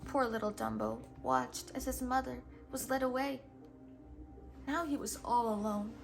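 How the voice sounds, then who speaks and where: A woman reading a children's storybook aloud in a gentle, measured way. Her voice sits on the higher side, and soft music plays underneath. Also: fairly even intonation, creaky. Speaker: storybook reader.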